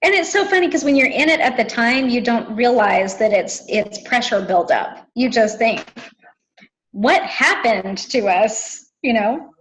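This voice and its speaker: A woman's voice: a little high, normal speed, few pauses, slight background noise, rough recording. A woman in her thirties talking earnestly and emotionally with a close friend, often searching for words. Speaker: guest, best friend. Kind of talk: emotional conversation.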